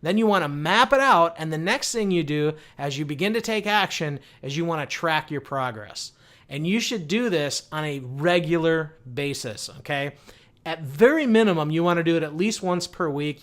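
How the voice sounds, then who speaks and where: A man's voice: on the high side, animated, normal speed, a bit bright. A man giving motivational business advice straight to camera, upbeat and full of rhetorical questions, with fillers and restarts. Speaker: online marketing coach.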